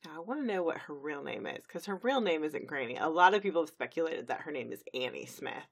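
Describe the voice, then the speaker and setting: A woman co-hosting a podcast in casual chat, talking quickly and saying "like" a lot. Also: low voice, lively intonation, vocal fry, husky. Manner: quick, chatty, lots of "like"s, laughs easily. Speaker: podcast co-host.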